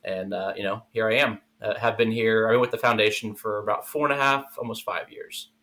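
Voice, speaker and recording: A man's voice: fairly low pitch, fairly even intonation, a little fast, bright, forceful tone. A man in his thirties from South Texas, a nonprofit manager explaining his work as a podcast guest in an easygoing way, with many fillers. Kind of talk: conversational podcast interview.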